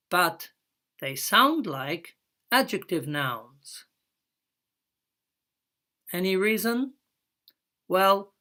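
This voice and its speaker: A woman English teacher records a lesson in a fairly low, pushed, bright voice. She explains slowly and carefully, step by step, drawing out her example words and phrases.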